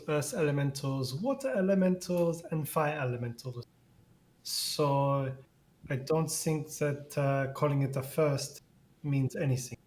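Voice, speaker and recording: A man's voice: medium pitch, a little mellow, a little hiss or hum. Formal, lecturing man at a game table. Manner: formal, lecturing, hesitant fillers. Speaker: player. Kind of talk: in-character tabletop play.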